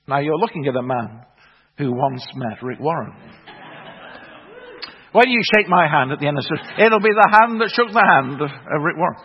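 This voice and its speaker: A man's voice: fairly high pitch, animated, quick pace, hardly any pauses. A middle-aged man, preaching a sermon in a wry, self-deprecating storytelling manner that builds into earnest proclamation. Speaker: preacher, former theological college principal. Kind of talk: sermon with humorous anecdote. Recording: reverberant hall, slightly muffled sound.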